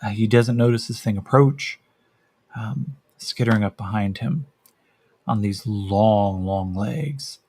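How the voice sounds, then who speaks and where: Brief: male game master running a solo tabletop game, slow and halting, husky tone, lots of "uh". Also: on the low side, darkish tone. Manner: hesitant, many fillers, descriptive.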